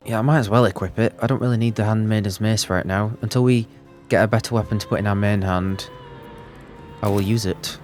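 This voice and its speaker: A man hosts a video game playthrough, chatting away and thinking aloud with excited energy. His voice sits slightly low. Faint game music plays behind him. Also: fairly quick. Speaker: let's play host. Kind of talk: gaming commentary.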